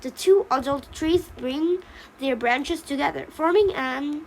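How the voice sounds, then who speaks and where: A woman reading the narration of a storybook play aloud, halting, with small slips. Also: high-pitched, darkish tone, slight background noise, poor audio. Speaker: reader.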